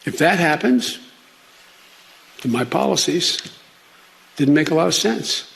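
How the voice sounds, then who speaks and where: Politician guy at a press conference, gravelly voice, keeps restarting his sentences. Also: a little high, expressive, a bit bright. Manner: halting, restarts phrases.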